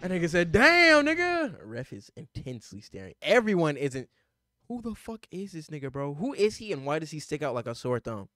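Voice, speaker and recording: A young man streaming live, reacting to basketball highlights with loud outbursts and slang, talking at the players on screen. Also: very animated, a little fast, few pauses, no room sound. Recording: faint music behind the voice.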